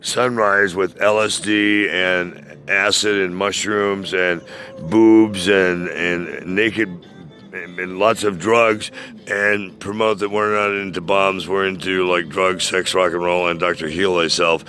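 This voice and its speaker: A man's voice: sits low, fairly even intonation, takes it slowly, pushed and bright, faint music behind. A man in his sixties ranting casually to a friend, profane and boastful, rambling with many hesitations. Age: 60s.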